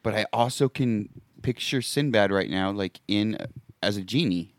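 A man's voice: on the low side, moderate pace, no echo. A man co-hosting a casual chat, asking incredulous questions. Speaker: podcast co-host.

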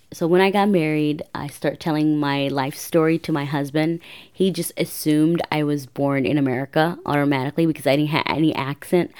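A woman's voice: sits low, darkish tone. A woman hosting a podcast, telling her life story in a casual, rambling way that corrects itself as she goes. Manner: rambling, self-correcting, chatty. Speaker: podcast host.

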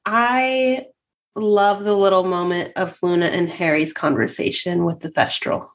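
A woman's voice: on the low side, fairly even intonation, a little slow. A woman co-hosting a casual podcast, chatting with short dry, teasing remarks. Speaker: podcast co-host. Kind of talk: casual chat.

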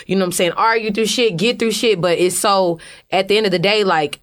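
A woman's voice: medium pitch, fairly quick. A young woman with an Atlanta accent telling stories in a casual interview, loose and slangy with frequent cursing. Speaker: guest actress and musician.

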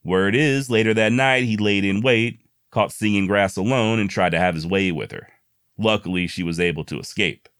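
A man with a drawl spins an old frontier yarn, folksy and wry, with joking asides. His voice sits on the low side and is close and dry. He sounds like a host talking straight to his listeners. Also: moderate pace, fairly bright tone, clean tone, no echo. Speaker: history storyteller, host. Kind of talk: casual folksy storytelling.

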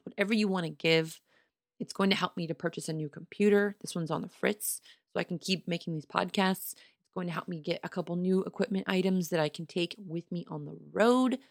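Chatty, slightly hoarse woman podcaster. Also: lowish voice, no echo, studio quality. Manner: chatty, enthusiastic, speaks straight to listeners. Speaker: podcast host. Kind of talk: casual solo podcast monologue. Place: small home studio.

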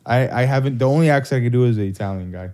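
A man's voice: medium pitch, racing, dark tone. A young man co-hosting a casual late-night podcast, talking bluntly with lots of swearing and repeating his points for emphasis. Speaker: podcast co-host.

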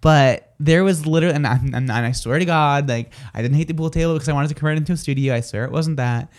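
A man's voice: a little high, fast talker, a little mellow. A man co-hosting a live radio talk show, telling stories in a rambling, chatty way full of fillers and restarts. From New Jersey. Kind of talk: casual chat.

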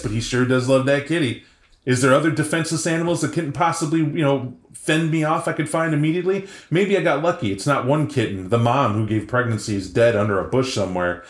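Animated, rambling man in an echoey room. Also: mid-range voice. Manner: animated, rambling, acts out voices. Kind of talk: casual chat about tabletop role-playing lore.

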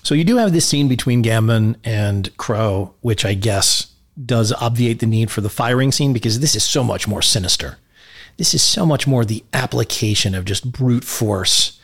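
Enthusiastic man rambling about films. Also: mid-range voice. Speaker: podcast host. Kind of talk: casual film commentary.

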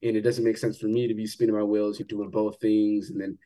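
A man's voice: on the low side, flat delivery, mellow. A man co-hosting a podcast, talking casually and bluntly, swearing freely and acting out what others said. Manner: fast, blunt, swears freely, acts out quoted talk. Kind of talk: casual chat.

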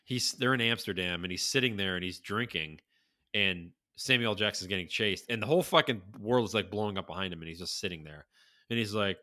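A man with a deep voice and a bright, pushing tone talks loosely on a podcast. He rambles, swears freely and bursts into lively impressions when he quotes someone. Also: a little fast. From North Carolina. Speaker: podcast co-host. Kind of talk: casual chat.

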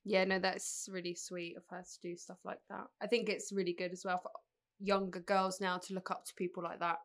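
A woman's voice: lowish voice, flat delivery, a little fast. A young woman co-hosting a podcast, telling stories in chatty, laughing casual talk. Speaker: podcast co-host. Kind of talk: casual chat.

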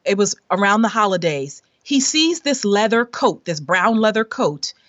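This woman is a middle-aged podcast guest who tells her story in an animated way, laughing often and slipping into the voices of the people she quotes. Her voice is mid-pitched and sounds slightly dull and lo-fi. The sound is dry and close, with no room echo. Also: normal speed. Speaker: guest sharing a money story. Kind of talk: conversational storytelling interview.

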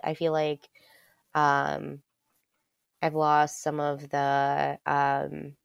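Low gravelly woman, candid storyteller. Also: no echo, clean studio sound. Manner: candid, loose, swears freely, lots of ums. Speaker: guest. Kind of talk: casual personal storytelling.

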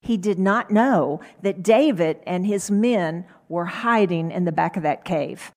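A middle-aged woman telling a Bible story in a gentle, unhurried storytelling sermon. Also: lowish voice.

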